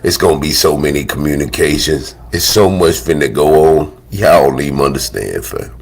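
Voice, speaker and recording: A man's voice: extremely low pitch, moderate pace, vocal fry, slightly rough. A man hosting a livestream in casual chat, hesitant and slangy, often repeating himself. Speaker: livestream host.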